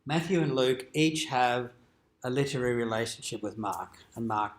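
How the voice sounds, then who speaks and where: A man's voice: medium pitch, normal speed. A man, a dean, giving an informal teaching lecture at a cathedral forum, explaining in a conversational way and lifting his voice for quoted lines. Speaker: dean presenting an adult education forum.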